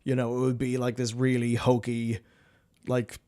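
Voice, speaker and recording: A man's voice: medium pitch, monotone, moderate pace, dark tone. A man hosting a casual gaming chat, talking hesitantly with lots of fillers and jokey asides. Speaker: podcast host.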